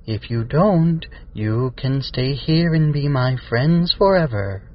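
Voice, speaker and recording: A guy doing a sad ghost thing, slow and wavery, kinda muffled. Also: medium pitch, lively intonation, pitched above the performer's own voice. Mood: forlorn.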